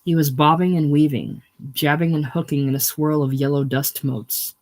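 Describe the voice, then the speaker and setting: Guy reading a novel out loud, steady and measured, voice a bit high. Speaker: audiobook reader.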